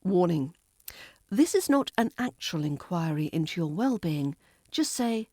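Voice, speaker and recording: A British woman hosting a podcast lesson, teaching phrases in a cheerful, clear voice and repeating them slowly. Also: on the low side, expressive, a little mellow, no echo, studio quality. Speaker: accent coach and podcast host.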